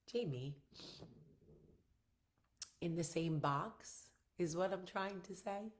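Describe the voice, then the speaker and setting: A woman's voice: fairly low pitch, takes it slowly. A middle-aged woman hosting her own vlog, talking candidly to viewers, blunt and emphatic with frequent swearing, earnest and reassuring. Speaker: vlog host.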